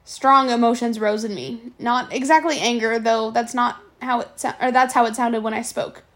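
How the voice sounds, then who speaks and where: A woman reading a novel aloud, narrating in a steady storytelling way with small restarts. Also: fairly high pitch, moderate pace. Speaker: audiobook reader.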